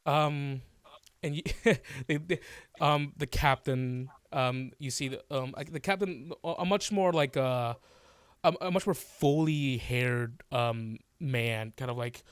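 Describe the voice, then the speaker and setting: A man narrating a tabletop game as game master, halting and full of fillers and restarts. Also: medium pitch, clear, resonant tone, no echo.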